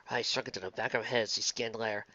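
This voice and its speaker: A woman narrating a fan-written story in a lively, quick storytelling manner. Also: very deep voice, dry recording, dull audio. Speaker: fan fiction reader.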